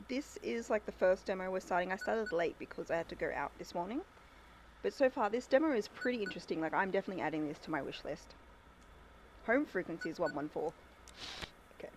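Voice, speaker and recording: Young woman streaming a game, chatty, reads chat out loud. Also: lowish voice, lively intonation, fast, a little hiss or hum, poor audio. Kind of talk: casual game commentary.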